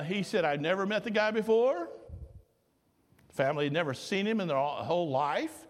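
A man's voice: a little high, big-room sound. A male pastor preaching conversationally, asking the congregation questions and retelling stories in dialogue. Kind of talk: sermon.

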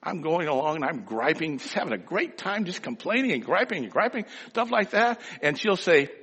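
A middle-aged male preacher delivering a sermon with personal stories, dramatic, swinging between slow emphatic phrases and quick storytelling. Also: fairly high pitch, very animated, a bit bright, breathy edge. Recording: reverberant hall.

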